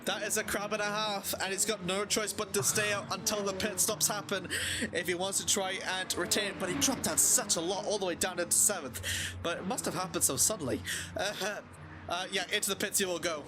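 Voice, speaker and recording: A man co-commentating a live sim race, calling overtakes with excited outbursts. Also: sits high, background noise. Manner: quick play-by-play with excited outbursts.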